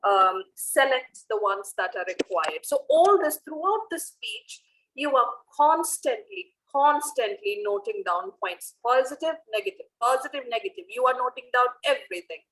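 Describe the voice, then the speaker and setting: A woman's voice: fairly high pitch, expressive, normal speed, fairly bright tone, poor audio. A young woman teaching how to evaluate speeches, explaining step by step with many rhetorical questions. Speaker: public speaking coach. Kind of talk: online teaching talk.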